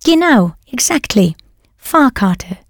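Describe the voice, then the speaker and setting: A woman's voice: a little high, big pitch swings, takes it slowly, dry recording, clean studio sound. A woman narrating a scripted audio language lesson, patiently prompting the learner and then confirming each answer. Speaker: language teacher.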